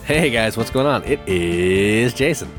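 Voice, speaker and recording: A man co-hosting a board game podcast in casual chat, hoarse from allergies, dropping dry, joking asides. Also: on the low side, animated, unhurried, soft background music. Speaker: podcast co-host.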